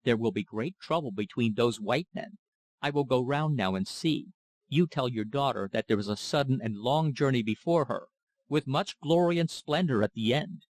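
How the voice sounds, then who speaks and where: A man's voice: mid-range voice, natural voice. A man voicing a scheming one-eyed old statesman who speaks in a sly, confiding way.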